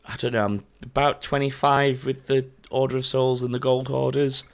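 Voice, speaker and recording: A man's voice: medium pitch, level tone, normal speed, vocal fry. A man, a podcast host chatting casually and telling stories. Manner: chatty, laughing, storytelling. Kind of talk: casual chat.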